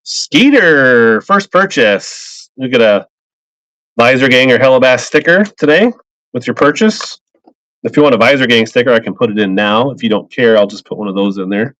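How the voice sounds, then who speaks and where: A man with a mid-range, slightly bright voice runs a casual live stream auction of fishing lures, rambling upbeat at normal speed with lively intonation and greeting buyers by name. There's no room sound, though the lo-fi stream audio is slightly dull.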